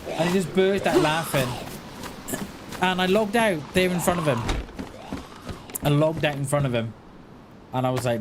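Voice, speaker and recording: A man in his forties chatting casually on a gaming livestream, rambling and halting, often restarting his words and answering his viewers in a friendly way. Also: on the high side. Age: 40s. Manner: talks back to chat in a friendly, reassuring way. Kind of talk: casual livestream chat while playing. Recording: noisy home stream recording.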